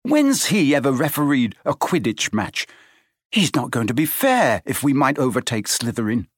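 A man's voice: medium pitch, sing-song, moderate pace, breathy edge, dry recording, studio quality, voice pushed up. A man reading an audiobook, voicing a spluttering, indignant teenage boy.

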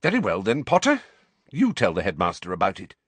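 A man voicing a stern, brisk older woman professor who speaks in a clipped, commanding way. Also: sits low, huge pitch swings, breathy edge, no echo, full character voice.

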